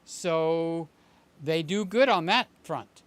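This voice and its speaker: A man's voice: fairly high pitch, slow. An older man hosting a live stream, chatting casually in a rambling, joking way with many fillers and asides.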